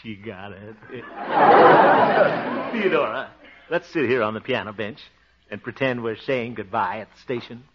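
A man's voice: fairly low pitch, a little slow, close to an everyday voice. A man playing a vain, scheming small-town radio singer in a radio comedy, chuckling and pleased with himself. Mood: sly flirting. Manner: chuckling, self-pleased, playfully sly. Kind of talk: 1940s radio acting. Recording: muffled old radio broadcast with loud hiss.

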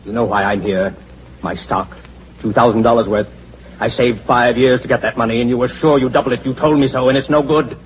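A man's voice: mid-range voice, fairly even intonation, fairly quick, slight background noise, lightly acted. A man playing a furious cheated investor. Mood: angry. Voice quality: tense, demanding. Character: desperate, furious male small investor. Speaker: swindled stockholder. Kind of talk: 1940s radio acting. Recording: dull lo-fi old radio recording.

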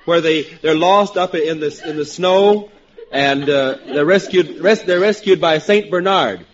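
A man on a panel pitching comedy gags, chuckling as he talks, on an old broadcast recording. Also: measured pace, highs cut off. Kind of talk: joking brainstorm on a panel.

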